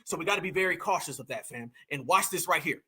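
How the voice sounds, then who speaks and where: Man, bright forceful voice, animated reaction commentary host. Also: a little high, quick pace, slightly rough. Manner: animated, preachy, calls audience "fam", mocks voices.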